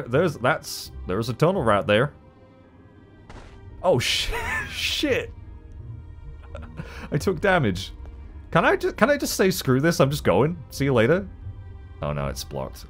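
A man giving chatty, animated gameplay commentary as a let's play host, swearing casually. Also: medium pitch.

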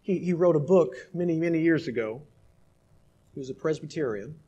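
High-voiced emphatic male preacher. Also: fairly quick, husky, dull audio. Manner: emphatic, swings between loud exhortation and hushed asides. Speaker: pastor. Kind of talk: sermon.

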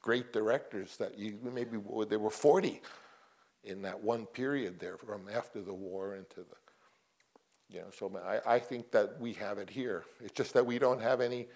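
A man's voice: fairly low pitch, normal speed, a little mellow. Older man reminiscing in a rambling way. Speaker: panel guest. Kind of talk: anecdotal panel conversation.

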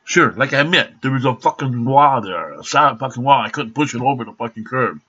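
A man ranting angrily to his camera, profane and rambling, with bursts of shouting. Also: medium pitch, expressive, fairly quick, husky, muffled recording. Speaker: vlogger. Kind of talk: angry rant to camera.

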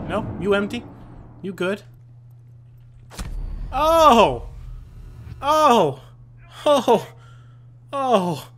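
Young guy gaming commentary, fairly high voice bouncing all over, cussing and yelping, bit of background hiss. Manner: excitable, swearing, yelps and self-mocking laughs. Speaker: gaming YouTuber. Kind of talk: let's play commentary.

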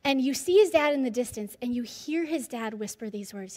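Woman, middle-aged, devotional speaker, lively storytelling, hushed emphasis, slightly high voice, reverberant hall. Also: a little fast, hardly any pauses. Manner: lively storytelling, drops to near-whispers for emphasis. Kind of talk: devotional talk.

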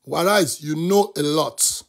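This Nigerian talk show host delivers an animated, impassioned commentary rant slowly, in a high, husky voice heavy with gravelly fry. He alternates English and Yoruba and often breaks into shouting.

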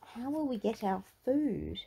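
Woman reading mummy pig, calm, soft, motherly, storybook. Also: fairly high pitch, a little slow, creaky, husky, pitched above the performer's own voice, heavily acted.

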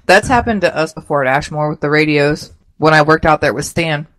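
A woman's voice: sits low, animated, moderate pace, fairly bright tone, no room sound. Chatty woman radio co-host. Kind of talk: casual radio chat.

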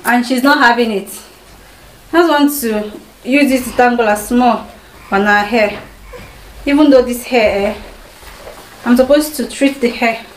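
A woman's voice: a little high, measured pace, pauses often. A woman with a Nigerian accent chatting casually as a mom vlogger, coaxing and affectionate with her children. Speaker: mommy vlogger. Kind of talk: casual vlog chat. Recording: echoey with loud background noise.

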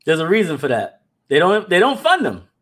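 Brief: high-pitched man, casual livestream host, animated and direct with his audience. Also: brisk. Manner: animated, talks straight to viewers, repeats words. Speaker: animation company founder hosting a livestream.

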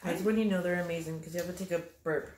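Laid-back low-voiced woman. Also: steady tone, fast talker. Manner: laid-back, drawling, rambling with fillers. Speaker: guest. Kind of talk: casual chat while eating. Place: indoors on a couch. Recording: echoey room, faint noise.

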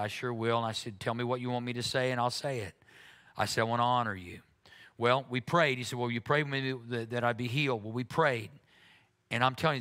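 A man's voice: fairly low pitch, fairly bright tone. A man preaching a sermon as pastor, earnest, often repeating words when he is moved. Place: church sanctuary.

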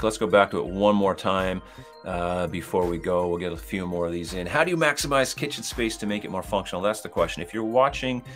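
A middle-aged man hosting a casual live-stream Q&A as a kitchen designer, rambling in a relaxed way with lots of fillers and restarts. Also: sits low.

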